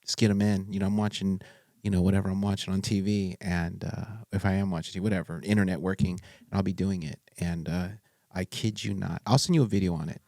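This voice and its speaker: A man hosting a podcast, chatty and excitable, with slang and restarts. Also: low voice, fast talker, gravelly, dry recording, studio quality. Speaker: podcast host. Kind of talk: casual interview conversation.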